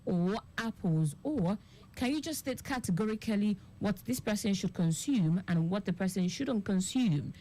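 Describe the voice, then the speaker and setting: A woman's voice: medium pitch, expressive, moderate pace, warm tone. A woman with a Nigerian English accent hosting a radio health interview, asking long, winding questions full of fillers. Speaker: radio show host.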